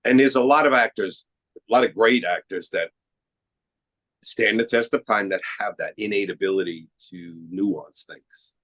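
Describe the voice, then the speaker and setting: A man's voice: lowish voice, normal speed, poor audio. A middle-aged man from Queens, New York, an actor being interviewed on a podcast, talking casually and acting out the dialogue in his stories. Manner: animated storyteller who acts out quoted dialogue. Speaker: actor guest.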